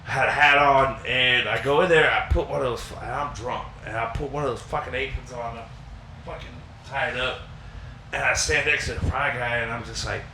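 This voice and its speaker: Animated profane man telling stories. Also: medium pitch, moderate pace, slight background noise. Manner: profane, animated storyteller, acts out quotes. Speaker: podcast co-host. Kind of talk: casual chat, storytelling. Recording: echoey room.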